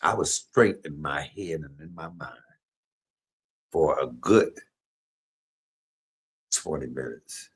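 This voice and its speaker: A man's voice: extremely low pitch, lively intonation, slow pace, long pauses, low-quality recording. A middle-aged man, telling stories on a home cooking livestream, chatty and laughing. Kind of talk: casual storytelling while cooking.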